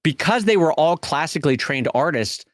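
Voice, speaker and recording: A man with a fairly high, very lively voice co-hosts a podcast in relaxed conversation. He is an animated storyteller who acts out the people he quotes. The recording is close and dry, with no room sound. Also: moderate pace, no echo. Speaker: podcast co-host. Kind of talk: casual podcast chat.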